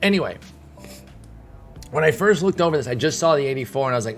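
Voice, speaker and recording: A young gaming streamer rants casually to his live chat in a mid-range, animated voice, talking fast. He gets heated and rambles, restarting his sentences again and again.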